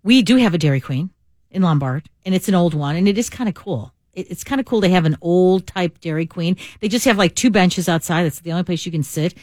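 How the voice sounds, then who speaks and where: A woman's voice: fairly low pitch, brisk, darkish tone, no echo. A woman co-hosting morning radio in a studio, chatty and enthusiastic. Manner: enthusiastic, chatty, laughs easily. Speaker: radio co-host. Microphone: close studio mic.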